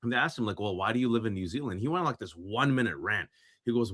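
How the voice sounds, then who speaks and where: A man's voice: fairly low pitch, expressive, very fast, a bit bright, slightly rough. A man co-hosting a political talk show, delivering impassioned, sarcastic commentary. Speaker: co-host.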